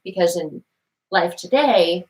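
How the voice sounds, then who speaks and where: Animated low-voiced woman explaining therapy. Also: slow, rough recording. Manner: animated, acts out example scenes, swears casually. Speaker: guest therapist. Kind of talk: explaining therapy techniques in conversation.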